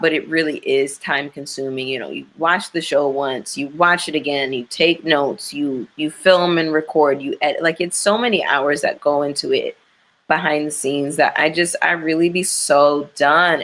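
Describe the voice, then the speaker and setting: Worn-out low-voiced woman venting to viewers. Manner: candid, tired venting, slangy; gets loud and high-pitched when ranting. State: exhausted and emotional. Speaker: YouTube livestream host. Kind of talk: casual livestream chat with viewers.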